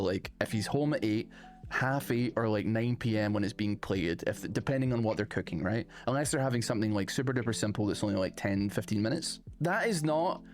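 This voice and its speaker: A man hosting a channel, reading online posts aloud and chatting about them in a casual, animated way. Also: mid-range voice. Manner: chatty, animated, rising emphasis on phrase openings. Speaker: host reading online stories. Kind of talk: casual read-aloud and commentary.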